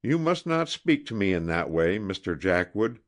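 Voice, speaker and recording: A proud young woman in a storybook, cold and defiant when she refuses a man, as a low-voiced male narrator puts her on. Her lines rise above the reader's usual register but still carry a deep, lively tone. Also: moderate pace. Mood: firm. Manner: cold, firm and indignant. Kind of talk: audiobook character reading.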